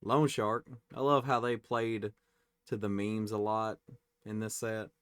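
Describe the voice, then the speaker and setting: A man hosting a casual pack-opening video, reading card names aloud and tossing in quick offhand reactions. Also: on the low side, steady tone, clear, resonant tone, no echo. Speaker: card-opening channel host.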